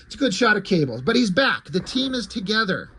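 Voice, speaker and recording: A man's voice: sits high, very animated, a little fast, crowd noise. A man casually recapping and reviewing a comic book, sarcastic and swearing freely. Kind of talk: casual chat.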